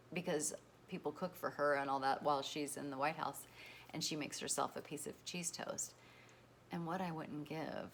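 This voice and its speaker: A woman's voice: low voice, a little hiss or hum. A woman vlogger talking candidly to her followers, emphatic and frank, swearing freely and repeating herself as she works through her thoughts. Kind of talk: candid personal monologue to followers.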